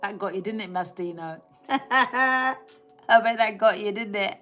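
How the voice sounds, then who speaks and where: Woman, live-stream host, casual and giggly, chats to the comments at a middling pitch. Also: unhurried, a bit bright, faint music behind. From England. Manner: chatty, laughs often, reads out viewer comments.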